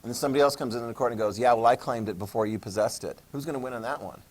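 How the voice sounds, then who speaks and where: A man's voice: medium pitch, very fast, darkish tone. A man teaching a history class, joking and checking in with questions. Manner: jokey, asks the class questions, "okay?" checks. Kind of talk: classroom lecture.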